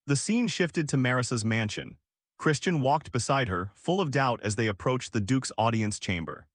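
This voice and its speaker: Guy narrating a comic recap, animated pitch, dry close sound. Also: normal speed, no echo.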